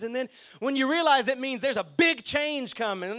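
Man, pastor, lively sermon, high bright voice. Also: normal speed. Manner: lively, chatty, asks the crowd okay and right.

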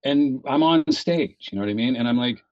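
Middle-aged guy from LA telling a story on a podcast, lively and a bit sweary, dry dull-sounding mic. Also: mid-range voice, fairly quick, no echo. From Los Angeles. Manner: animated, swears freely, acts out his inner dialogue. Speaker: guest actor. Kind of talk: casual storytelling in a podcast interview. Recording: dull lo-fi recording.

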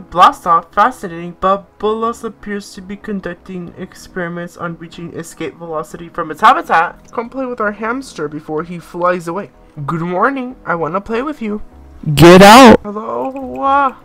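A gaming YouTuber in her late teens gives casual, chatty let's-play commentary, bossing her game characters around and laughing often. Her voice is medium in pitch with a sharp tone.

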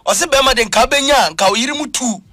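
Animated high-voiced Ghanaian preacher man. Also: fast, no echo. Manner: lively, emphatic, mixing Twi and English, preacherly. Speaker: preacher on a talk program. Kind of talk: animated church talk show discussion.

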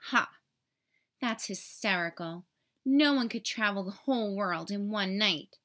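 A woman's voice: medium pitch, measured pace, a bit bright, natural voice. A woman reading aloud and voicing a mean, bossy, snooty girl who scoffs and sneers. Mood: scoffing.

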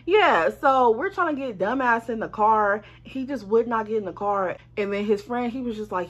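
Animated woman telling a story, slangy. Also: a little high, moderate pace, hardly any pauses. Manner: animated, swearing, slangy, addresses viewers as y'all. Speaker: storytime vlogger. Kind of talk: casual storytelling to camera.

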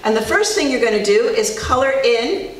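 A woman who teaches preschool, reading a picture book to small children in an animated, sing-song way and quizzing them as she goes. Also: a little high, moderate pace, a little hiss or hum. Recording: echoey room, distant mic.

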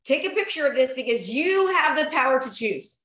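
A middle-aged real estate coach delivers an energetic motivational seminar, her voice sitting high and running a little fast. She speaks emphatically, repeating key phrases and calling out to listeners, and the room sounds echoey.

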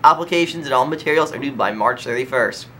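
A man's voice: medium pitch, quick pace, sharp tone, a little hiss or hum. A man reading school morning announcements over the intercom, stressing key words emphatically.

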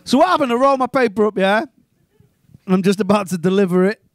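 A Liverpool man in his twenties doing a stand-up set, swearing freely and mocking people with quick put-on voices. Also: sits high, dry recording. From England. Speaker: stand-up comedian. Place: comedy club stage.

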